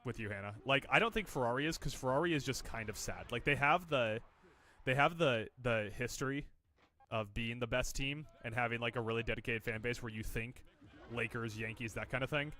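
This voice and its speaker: A man's voice: mid-range voice, a little fast, sharp tone. A man co-hosting a podcast in casual chat, rambling and teasing with dry humor. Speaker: podcast co-host.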